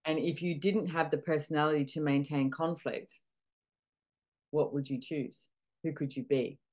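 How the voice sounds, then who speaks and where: A middle-aged woman hosting a casual coaching talk, animated, acting out little dialogues and swearing freely. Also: sits low, moderate pace. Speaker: podcast host and facilitator.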